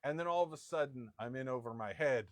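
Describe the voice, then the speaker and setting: A middle-aged man preaching a sermon in a conversational storytelling manner, with quick asides. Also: mid-range voice, dry recording. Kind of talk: sermon with personal anecdote.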